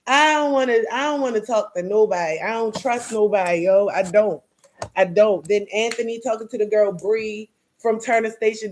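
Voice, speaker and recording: A grieving mother talking straight to camera in a heated, blunt, profane rant, often repeating herself. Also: on the high side.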